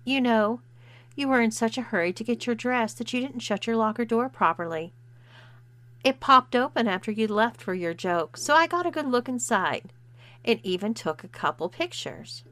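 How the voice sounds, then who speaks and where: A woman reading a story aloud, voicing a cold, bossy young woman who bullies with calm commands. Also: on the high side, normal speed. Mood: calm menace.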